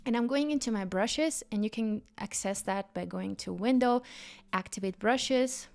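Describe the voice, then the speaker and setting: A woman hosting a live design tutorial, bubbly and enthusiastic, a bit out of breath from excitement. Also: fairly high pitch, normal speed, vocal fry. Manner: bubbly and enthusiastic, frequent exclamations. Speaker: livestream design instructor.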